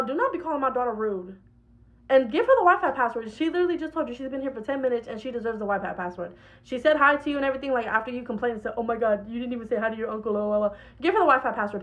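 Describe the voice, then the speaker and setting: A woman acting out a sharp, defensive mother who snaps at her daughter in a comedy skit. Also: high voice, lo-fi sound. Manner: sharp, snappy. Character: harsh, defensive mother of two girls.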